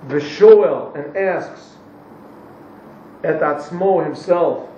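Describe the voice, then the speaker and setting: A man teaches a class at an unhurried pace, translating a text phrase by phrase and stopping to hunt for the right English word. His somewhat high voice comes from well back from the mic in an echoey room. The recording is dull and lo-fi, with faint noise underneath. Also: dark tone, far from the mic. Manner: pauses to search for English words.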